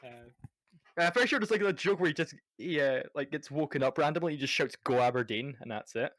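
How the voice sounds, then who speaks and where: A man's voice: fairly high pitch, lively intonation, fast, fairly bright tone, no room sound. A Scottish man chatting casually on a podcast, swearing and stammering through restarts. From Scotland. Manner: rambling, profane, stammering restarts. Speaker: podcast panelist.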